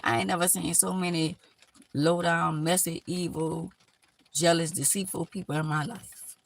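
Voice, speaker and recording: A woman hosting a live stream, giving blunt, emphatic life advice in a casual, preachy way. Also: low-pitched.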